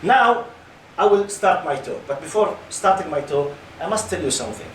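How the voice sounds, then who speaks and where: An Islamic lecturer, a man in his 50s, engages his audience and quizzes them in a fairly high, animated voice at normal speed. He is recorded from a distance in a roomy, reverberant hall, with slight background noise.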